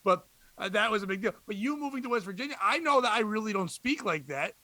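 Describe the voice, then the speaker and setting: A male comedian cohosting a podcast rambles and jokes in casual chat. His voice is high and bright, and the sound is dry and close. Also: lively intonation, quick pace, dry recording. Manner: rambling, joking.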